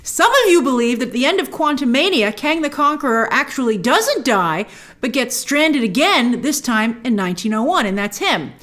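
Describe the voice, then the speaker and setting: Excitable woman hosting a film breakdown. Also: moderate pace. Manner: excitable, gushing with sudden high exclamations. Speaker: film review host. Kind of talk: casual film breakdown to camera.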